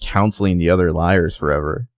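A man's voice: sits low, steady tone, brisk, no echo. A man co-hosting a casual chat, recapping a TV episode and acting out the characters' lines. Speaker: podcast co-host recapping a TV episode.

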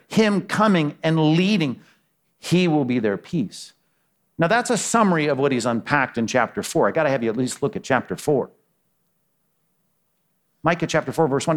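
A male pastor delivering a sermon with a lively, swinging pitch that sits a little above the usual for a man. He talks to his listeners casually, firing off rhetorical questions and dropping his voice low to press a point. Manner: conversational preaching with rhetorical questions and sudden drops in voice.

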